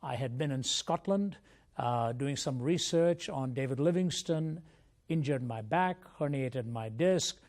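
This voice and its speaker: A man's voice: mid-range voice, animated, unhurried, darkish tone. An older man from India, a guest speaker, giving an earnest, reflective personal testimony in an interview.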